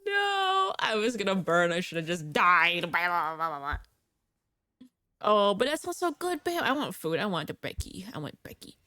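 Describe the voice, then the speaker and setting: A woman's voice: on the low side, very animated, moderate pace, sharp tone, dry recording. Bubbly young woman streaming a game. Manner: bubbly, chatty, reacting aloud to gameplay and viewers. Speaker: livestreamer. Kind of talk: casual gaming stream chat.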